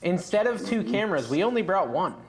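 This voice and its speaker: Animated laughing man telling a story. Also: sits high, a little fast, a little hiss or hum. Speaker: podcast co-host. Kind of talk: casual storytelling chat.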